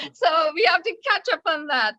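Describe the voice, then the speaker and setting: A woman hosting an interview, effusive and quick to laugh as she talks with her guest. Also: very high voice, no echo. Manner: warm, effusive, laughing often. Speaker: host. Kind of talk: conversational interview.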